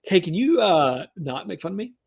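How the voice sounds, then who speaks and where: A man's voice: high-pitched, big pitch swings, moderate pace, gravelly, husky. A man hosting a live stream giveaway, chatting to viewers and drawing out the suspense. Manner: hypes and drags out suspense, talks to chat.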